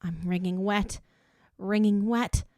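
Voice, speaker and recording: A woman's voice: mid-range voice, fairly even intonation, slow, darkish tone, smooth, no room sound, studio quality, natural voice. A woman voicing a frightened teenage girl cheerleader who speaks in a tight, choked, shaky voice.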